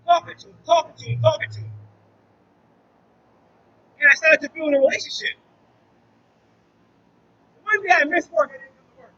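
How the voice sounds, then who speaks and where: A man's voice: very high voice, moderate pace, long pauses, bright, forceful tone, dull audio. A man, a former drug trafficker turned youth mentor, telling his personal testimony to a church audience and acting out the dialogue as he goes. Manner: earnest storytelling that acts out dialogue.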